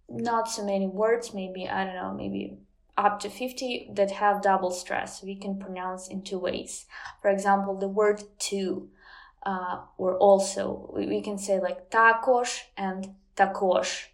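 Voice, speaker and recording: A woman who speaks natively, talking in English as an interview guest, explaining earnestly with many pauses and fillers. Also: medium pitch, steady tone. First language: Ukrainian. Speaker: guest, Ukrainian language teacher.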